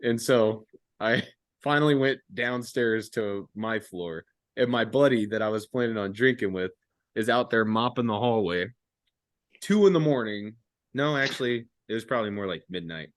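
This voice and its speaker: A man's voice: lowish voice, moderate pace, no echo, studio quality. A young man hosting a podcast, telling a long army story in casual, profane chat. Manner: profane, animated storytelling with acted-out quotes. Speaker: podcast host.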